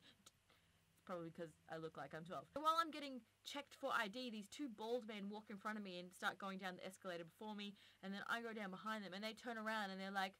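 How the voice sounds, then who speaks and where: A woman's voice: mid-range voice, brisk. Young woman vlogger, chatty storyteller, casual and rambling. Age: 20s. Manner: chatty and animated, lots of "like" fillers.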